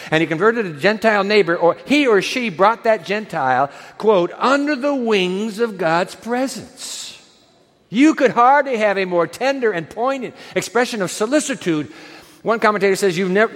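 High-voiced dramatic preacher in a reverberant hall. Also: male voice. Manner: dramatic storytelling, drops to soft emphasis. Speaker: pastor. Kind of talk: sermon.

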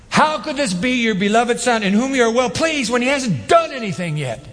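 A man preaching a sermon as pastor, animated, with rhetorical questions and emphatic repetition. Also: very high-pitched, normal speed, hardly any pauses, in a large hall.

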